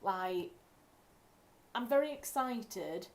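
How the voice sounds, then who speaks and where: A woman's voice: fairly high pitch, lively intonation, extremely slow. A young woman from England, a writer hosting a casual livestream at home, talking in a chatty, rambling way and correcting herself as she goes. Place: home room.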